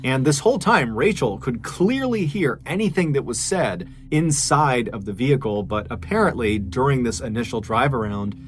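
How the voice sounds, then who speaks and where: A man's voice: medium pitch, expressive, moderate pace, few pauses, a little hiss or hum. A man hosting a podcast, telling a true crime story in a conversational, earnest way. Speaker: podcast host.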